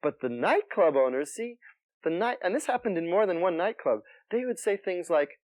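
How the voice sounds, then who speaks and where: A soft-spoken male comedian telling stories in an interview, halting and restarting as he talks. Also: high-pitched, sing-song, no room sound. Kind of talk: interview storytelling.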